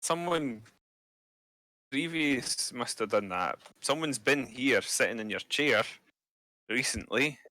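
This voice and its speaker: A man with a bright, forceful tone plays a tabletop game and calmly explains his character's actions. The recording is dry and close. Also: mid-range voice, slow, no echo. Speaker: player.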